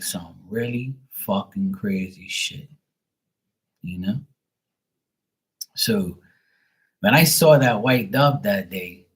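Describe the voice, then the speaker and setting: A man chatting casually on a tarot livestream, telling stories in a profane, animated way. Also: fairly low pitch, low-quality recording. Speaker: tarot reader.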